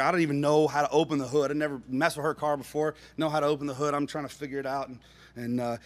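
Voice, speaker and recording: Expressive man telling a comic story. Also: fairly high pitch. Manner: expressive, drops to hushed asides and rises to near-shouts; chuckles through his own story. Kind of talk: comic personal anecdote.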